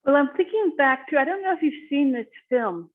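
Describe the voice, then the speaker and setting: A woman's voice: high-pitched, lively intonation, fairly quick. Woman, interviewer, enthusiastic, tinny phone-like sound. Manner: conversational, enthusiastic.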